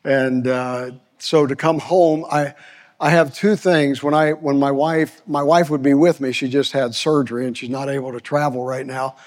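An older man from Cincinnati preaching a Sunday school lesson in a church, folksy and earnest with slow, emphatic delivery. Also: mid-range voice, fairly even intonation, a little mellow, long reverb tail. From Cincinnati, Ohio. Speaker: guest preacher. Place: church sanctuary.

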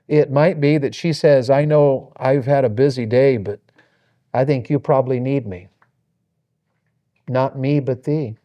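A middle-aged man preaching on marriage, telling a story in a folksy, animated way. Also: a little high, muffled recording.

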